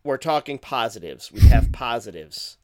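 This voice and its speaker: A man's voice: mid-range voice, animated, normal speed, warm tone. A man co-hosting a podcast, reviewing horror films in a casual, rambling and profane way. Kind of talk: casual chat.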